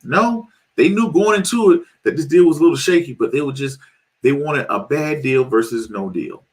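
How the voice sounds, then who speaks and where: A man's voice: fairly high pitch, animated, moderate pace. A male host gives a casual monologue to the camera, asking rhetorical questions and acting out quoted voices.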